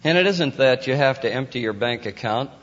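A man speaks to a conference crowd in a relaxed, folksy preaching style. His voice sits in the middle range. The recording is dull and lo-fi, with a long hall echo. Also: brisk. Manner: folksy, rises to excited high voice in anecdotes. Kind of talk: informal sermon.

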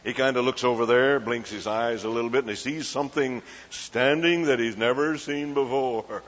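Man, folksy storytelling sermon, middle pitch, reverberant hall, muffled old recording. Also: moderate pace, a bit bright. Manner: folksy, asks the crowd questions, acts out voices. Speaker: preacher.

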